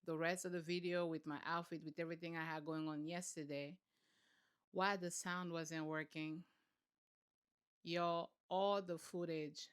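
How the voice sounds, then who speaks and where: A woman hosting a commentary vlog, telling the story in a sassy, animated, colloquial way. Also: low-pitched, clean tone. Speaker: commentary channel host.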